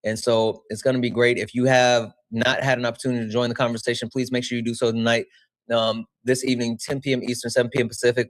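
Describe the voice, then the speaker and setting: A man hosting a livestream, talking casually with lots of swearing and frequent laughter. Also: medium pitch. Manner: profane, animated, laughing often. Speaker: livestream host.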